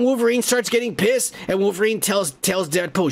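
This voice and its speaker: A man with a notably high speaking voice recaps a movie in a loose, rambling way. He swears freely and trails off mid-sentence with filler words. The tone is casual, like talking with friends. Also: lively intonation, normal speed, vocal fry. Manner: rambling, profane, laughing. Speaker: podcast host.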